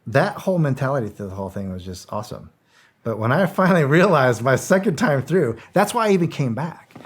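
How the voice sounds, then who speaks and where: A man's voice: mid-range voice, husky. A middle-aged man and former soldier telling stories as a guest in a casual interview, rambling, repeating himself and swearing freely. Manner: rambling, repeats words, swears freely, acts out quoted dialogue.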